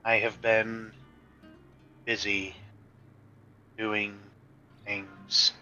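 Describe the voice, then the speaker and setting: A man voicing a terse hooded male adventurer who speaks in slow, halting phrases. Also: fairly low pitch, level tone, bright, forceful tone, lo-fi sound, soft background music, full character voice.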